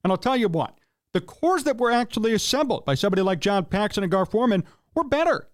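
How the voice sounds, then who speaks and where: Sports radio host, male, high-pitched, opinionated and exasperated, dry close sound. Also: big pitch swings, quick pace, no room sound. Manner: opinionated, exasperated rants with rhetorical questions. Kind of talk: solo sports talk commentary.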